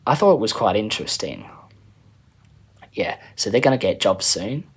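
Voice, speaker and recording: A man's voice: lowish voice, very animated, moderate pace, breathy edge. A man reading his own story aloud in a casual, chatty way as the channel's storyteller. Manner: casual, chatty, a little rambling.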